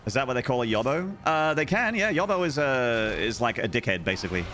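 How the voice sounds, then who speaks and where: A man's voice: mid-range voice, very animated, a little fast, fairly bright tone, slight background noise. An Australian man streaming a game, chatting casually with viewers in a rambling, self-mocking way. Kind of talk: casual chat while gaming.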